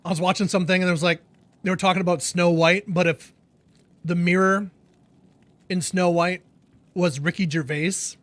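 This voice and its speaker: A man's voice: high-pitched, fairly even intonation, moderate pace, pauses often, fairly bright tone, dry recording. A man streaming a game, chatting casually with viewers in a jokey, laid-back way. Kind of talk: casual chat.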